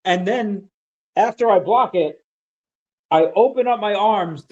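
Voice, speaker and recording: A man's voice: high voice, unhurried, darkish tone, highs cut off. A man in his thirties hosting a podcast, telling a long story in casual chat, full of fillers and restarts. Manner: rambling, lots of fillers and restarts. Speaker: podcast host.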